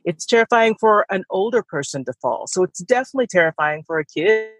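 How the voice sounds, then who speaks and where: A woman's voice: mid-range voice, animated, brisk, husky, no room sound, low-quality recording. A woman co-hosting a podcast, talking thoughtfully in a loose, rambling way with restarts. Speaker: podcast co-host. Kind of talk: casual conversation.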